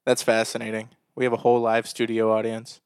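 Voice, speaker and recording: A man's voice: on the low side, monotone, brisk, darkish tone, clear, resonant tone. A young man co-hosting a casual podcast, loose and joking, swearing freely as he chats. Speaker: podcast co-host. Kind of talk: casual chat.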